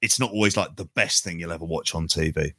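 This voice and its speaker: A man chatting casually on a podcast, giving quick, opinionated takes and swearing casually. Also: sits low, sharp tone, no echo.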